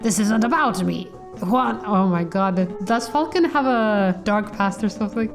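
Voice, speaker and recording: A woman's voice: medium pitch, unhurried, over music. A woman giving dry, profane let's-play commentary with frequent laughs. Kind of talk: casual gameplay commentary.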